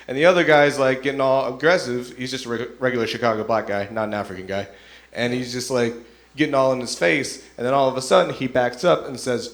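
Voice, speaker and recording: A young man performing a stand-up comedy set, telling stories in a relaxed way and acting out the voices of the people in them. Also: mid-range voice, fairly quick. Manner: laid-back storytelling, acts out voices of people in his stories.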